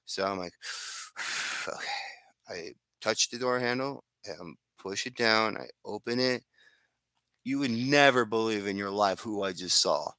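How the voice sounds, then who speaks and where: Deep-voiced man rambling through a story. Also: a little slow, sharp tone, clear, resonant tone, no echo. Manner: rambling, with restarts and asides. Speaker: fan fiction storyteller. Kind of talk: improvised casual storytelling.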